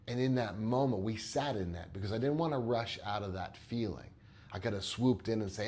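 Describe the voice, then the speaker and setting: A man's voice: lowish voice, expressive, moderate pace, a little mellow, slight background noise. A male therapist telling a session story in an earnest, conversational way, often repeating words as he starts a thought. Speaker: therapist and coach. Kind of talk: storytelling monologue.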